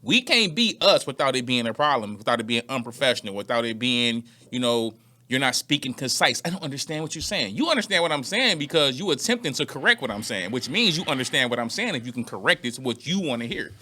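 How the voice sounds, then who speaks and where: Bright-voiced man chatting on a podcast. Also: mid-range voice, fast. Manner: animated, acts out quotes in different voices. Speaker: podcast co-host. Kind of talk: casual podcast chat.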